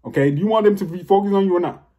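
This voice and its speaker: A man's voice: sits high, very fast, dark tone. A young man talking to camera about spiritual confidence, emphatic and profane, repeating his points. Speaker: spiritual vlogger. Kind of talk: casual spiritual monologue.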